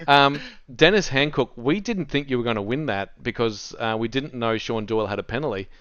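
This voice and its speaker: A man's voice: medium pitch, brisk, a bit bright, clear, resonant tone, no room sound, lo-fi sound. Joking male stream co-host. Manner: joking, laughing, banter. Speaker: esports race co-host. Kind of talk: casual live-stream commentary chat.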